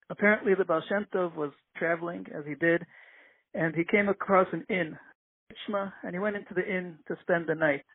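A man's voice: high voice, breathy edge, dry recording. A rabbi giving an earnest inspirational talk and telling stories, explaining as he goes. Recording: tinny dry phone line.

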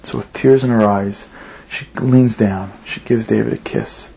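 A man's voice: on the low side, steady tone, unhurried, gravelly, dark tone, a little hiss or hum. A man giving a religious talk and telling a story, earnest, asking questions and lifting his voice for emphasis. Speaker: religious speaker. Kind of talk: sermon with storytelling. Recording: slightly muffled recording.

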